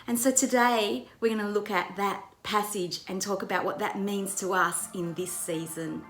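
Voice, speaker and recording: A woman's voice: medium pitch, moderate pace, hardly any pauses. Woman pastor telling a bible story, mid voice, roomy echo. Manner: vivid retelling, acts out quoted lines.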